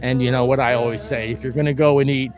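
A man's voice: medium pitch, fairly even intonation, fast, over music. Older man chatting through a food review. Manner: chatty, rambling with many uh and um fillers; bursts of loud whooping cheers. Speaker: restaurant review host. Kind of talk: casual food review vlog.

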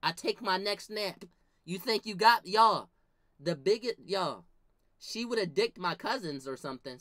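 A young woman spins a comedic tale, dropping to low mutters and then bursting into shouts as she acts out each moment. Her voice is bright and forceful. It is recorded dry, with no room sound. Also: dry recording. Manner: swings from low mutters to shouted outbursts, acts out quoted lines. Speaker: comedic storyteller. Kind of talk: animated comedic storytelling.

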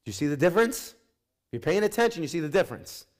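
A man preaching in a notably high voice, pressing his points with repetition and direct appeals to the congregation. He keeps the tone of a pastor's sermon, conversational yet insistent. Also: big pitch swings, quick pace, a little mellow.

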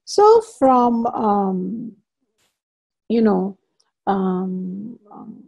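Mellow, husky woman teaching scripture. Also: medium pitch, very slow, dull audio. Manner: emphatic, repeats key phrases for stress; explains terms in English as she goes. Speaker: spiritual teacher. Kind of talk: scripture class lecture.

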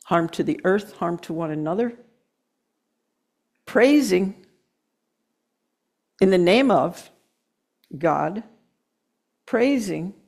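A middle-aged woman with a lowish voice delivers a heartfelt sermon. She slows down to stress her points, and it turns emotional and lightly self-mocking. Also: creaky, darkish tone. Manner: earnest, emotional, with slow emphatic stretches and laughs. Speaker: guest speaker.

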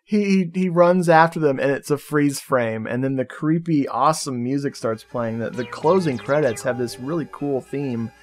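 A man at an ordinary pitch co-hosts a loose, casual film chat. He is jokey and laughs often, and he tosses in swear words as he goes. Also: moderate pace, hardly any pauses, soft background music. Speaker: podcast co-host.

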